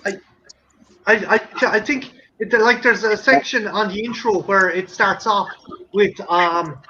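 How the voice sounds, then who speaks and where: Irish man, high voice, casual stream host, swears a lot, muffled noisy recording. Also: unhurried, bright, forceful tone. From Ireland. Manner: swears often, rambling and joking. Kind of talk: casual chat.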